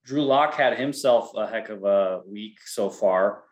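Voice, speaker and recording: A man's voice: on the low side, a little slow. A man co-hosting a casual sports podcast, teasing and joking in a loose, playful way. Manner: joking, teasing, laughs at his own lines. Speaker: co-host.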